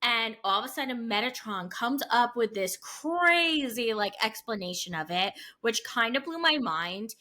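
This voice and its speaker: A woman's voice: on the high side, animated, a little slow, few pauses, pushed and bright. A woman co-hosting a podcast in casual chat, chatty and full of fillers. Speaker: podcast co-host.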